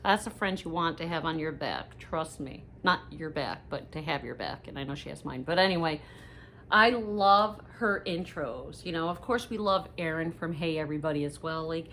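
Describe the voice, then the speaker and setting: A middle-aged woman chatting casually to viewers in a haul video, rambling and gossipy with lively asides. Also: deep voice, moderate pace, a little hiss or hum. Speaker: haul vlogger.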